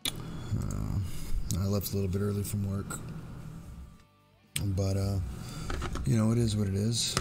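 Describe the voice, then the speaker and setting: A hoarse man, hosting a casual live stream and greeting chatters by name in a laid-back way. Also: lowish voice, level tone, moderate pace, long pauses, over loud music. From Texas. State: hoarse, voice going out.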